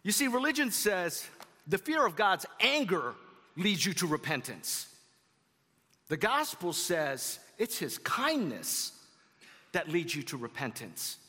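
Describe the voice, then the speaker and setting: A man's voice: sits high, sing-song, slow, sharp tone, breathy edge, in a large hall. A man preaching a sermon to his congregation in a conversational way, with asides to the audience. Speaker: pastor. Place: church sanctuary.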